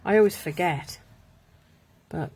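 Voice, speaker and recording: A woman's voice: fairly low pitch, slow, a little mellow, breathy edge. A woman hosting a live card-making stream, chatting, muttering to herself and laughing as she works. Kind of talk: casual live crafting chat.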